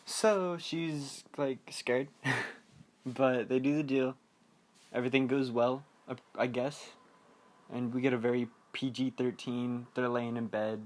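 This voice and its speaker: A young man rambling through a film recap on his podcast. He talks loosely, with lots of fillers, and keeps slipping into quick mock quotes of the characters. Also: mid-range voice, steady tone. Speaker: podcast host.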